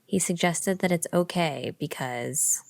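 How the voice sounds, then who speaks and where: A woman co-hosting a gaming podcast, with a fairly low voice for a woman. She talks in a playful, easy way. The sound is dry and close to the mic. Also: measured pace, gravelly, darkish tone, no room sound. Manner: playful, laughs between remarks, reads news casually. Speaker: podcast co-host. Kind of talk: casual chat.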